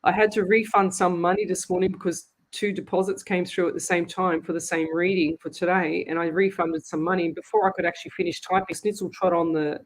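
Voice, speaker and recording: A woman's voice: on the low side, flat delivery, brisk, few pauses. An Australian woman, a psychic medium, hosting a live show and chatting frankly with her viewers. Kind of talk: casual live-stream chat.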